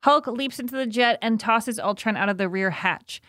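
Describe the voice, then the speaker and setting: A woman's voice: on the high side, moderate pace, a bit bright, dry recording, studio quality. A woman co-hosting a podcast, reading plot summaries and chatting with amused asides. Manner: chatty, amused, lots of likes. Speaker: podcast co-host.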